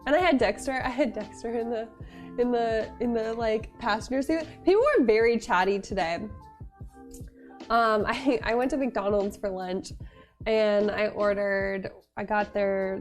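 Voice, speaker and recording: A woman's voice: mid-range voice, fairly even intonation, normal speed, faint music behind. A young woman telling a story in a casual vlog, giggling often and rambling with lots of fillers. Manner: rambling, many fillers and restarts. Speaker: vlogger.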